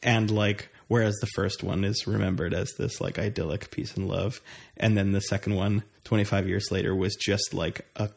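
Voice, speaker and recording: A young man in casual conversation, talking in a relaxed, rambling way with frequent hesitations. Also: on the low side, moderate pace, vocal fry. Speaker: conversation partner. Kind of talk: casual chat.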